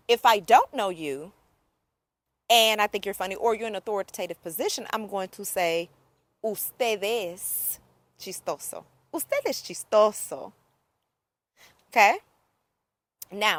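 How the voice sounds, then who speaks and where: A woman's voice: medium pitch, lively intonation, moderate pace, pauses often, no echo. A woman giving a casual video lesson on Spanish, upbeat and chatty, often checking in with "okay?" and "right?". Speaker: Spanish teacher.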